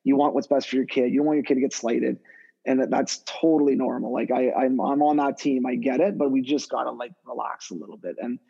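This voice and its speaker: Rambling, fast-talking hockey coach on a dull line. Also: male voice, medium pitch, gravelly, husky. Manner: rambling, animated, many fillers and restarts. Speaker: guest skill development coach. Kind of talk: casual podcast conversation.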